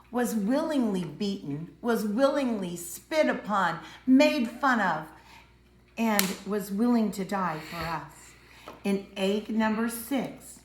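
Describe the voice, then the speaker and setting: A woman teaching preschoolers, telling a Bible story with dramatic voices and hushed moments. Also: medium pitch, reverberant. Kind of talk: Bible story lesson for young children.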